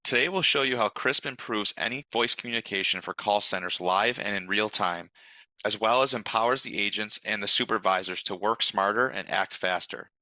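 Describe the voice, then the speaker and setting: Male demo host, low and bright-toned, polished, upbeat presenter. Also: normal speed, no room sound, low-quality recording. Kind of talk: scripted product demo presentation.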